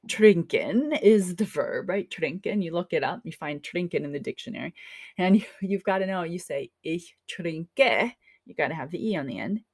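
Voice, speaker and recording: A woman's voice: on the low side, darkish tone, slightly rough, no echo, studio quality. A woman teaching a German grammar lesson over slides, chatty and encouraging, checking in often with her students. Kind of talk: classroom lecture over slides.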